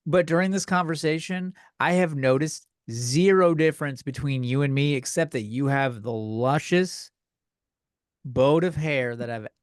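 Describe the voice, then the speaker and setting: Male host, Californian accent, loose and crude comic banter, bit high pitched, dry room. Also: a little slow, clear, resonant tone, dry recording. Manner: profane, joking, rambling. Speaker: podcast host. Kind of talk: casual comedic chat.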